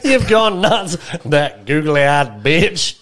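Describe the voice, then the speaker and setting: A man's voice: fairly high pitch, big pitch swings, a bit bright. A man co-hosting a podcast in casual chat, making crude jokes in banter. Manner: unhurried, crude joking banter. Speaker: podcast co-host.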